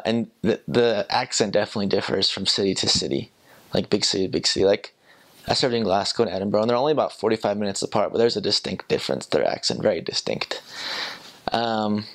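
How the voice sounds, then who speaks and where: A young American man chatting casually in a relaxed, rambling way, with many fillers and small chuckles. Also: lowish voice, a little fast. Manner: relaxed, rambling, with frequent ums, likes and chuckles. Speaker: returned missionary. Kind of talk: casual chat.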